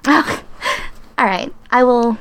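A woman's voice: a little high, a little slow, a bit bright, smooth. A woman hosting a casual chat interview, giggly and gushing, swearing casually. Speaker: podcast host.

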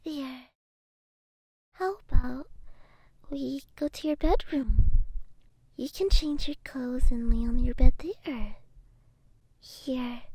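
A woman voicing a devoted young female android housekeeper in a soft, deferential whispered role-play. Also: sits high, husky, dry recording, full character voice.

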